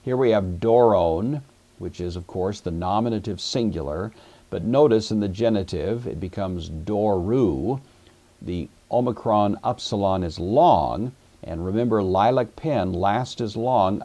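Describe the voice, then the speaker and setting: A man's voice: deep voice, dark tone. A man teaching a Greek grammar lesson, explaining patiently and methodically with occasional fillers. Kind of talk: classroom grammar lecture.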